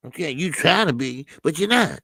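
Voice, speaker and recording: A man's voice: a little high, animated, normal speed, gravelly, pushed and bright, husky, no room sound. A man hosting a boxing channel, chatting casually and animatedly with his live chat, full of fillers and restarts. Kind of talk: casual live-stream commentary.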